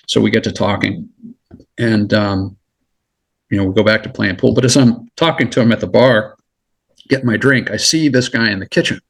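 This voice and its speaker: A middle-aged man, a former federal agent, telling stories as a guest in a casual interview, animated and laughing often, with stumbles and repeated words. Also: on the low side, gravelly. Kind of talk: casual storytelling.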